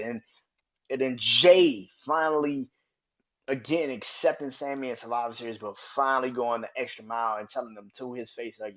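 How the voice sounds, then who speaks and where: Profane, rambling podcast host. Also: male voice, mid-range voice, normal speed, a bit bright, dull audio. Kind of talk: casual wrestling commentary.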